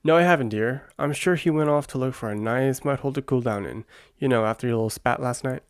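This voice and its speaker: A man's voice: medium pitch, fast, clean tone, no room sound, clean studio sound, close to an everyday voice. A man voicing a stiff, disapproving older male king in a whispered role-play. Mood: dismissive.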